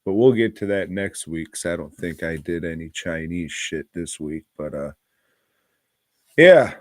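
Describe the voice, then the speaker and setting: Slow, rambling male podcast co-host. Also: deep voice, animated. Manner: rambling, joking, drops "mate" and "blokes and birds" slang. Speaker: podcast co-host reviewing movies. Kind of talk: casual, profane movie-review banter.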